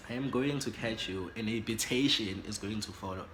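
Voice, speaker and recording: A South African man telling an animated, dramatic story for his vlog, switching languages. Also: on the low side, a little fast, hardly any pauses, a little hiss or hum. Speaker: YouTuber.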